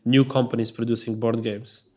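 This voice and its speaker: A man's voice: mid-range voice, little pitch movement, mellow. Sick-voiced man guesting on a podcast. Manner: slow, thoughtful, laughs often. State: sick, husky voice. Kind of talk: casual interview chat.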